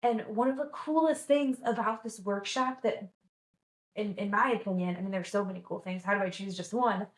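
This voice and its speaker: A woman's voice: medium pitch, moderate pace. Chatty woman vlogger in an echoey room. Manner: enthusiastic, chatty, with many "like"s. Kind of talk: casual chat.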